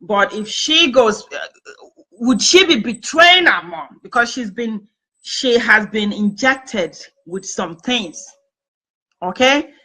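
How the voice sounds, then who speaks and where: A woman's voice: a little high, animated, slow, bright, forceful tone, rough recording. A middle-aged woman hosting a family talk show, telling a personal story emphatically and repeating phrases for effect. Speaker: host and family therapist.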